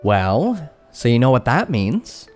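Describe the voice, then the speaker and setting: A young man narrating a comedic tech vlog, animated and exclaiming, bantering with himself, with faint music behind. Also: medium pitch, slow pace. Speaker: YouTube creator.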